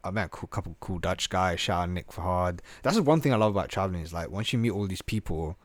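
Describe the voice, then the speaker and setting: A man telling travel stories on a podcast, animated and slangy, full of "bro" and "like". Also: deep voice, fast talker, no room sound. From England. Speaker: podcast host. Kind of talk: casual storytelling chat.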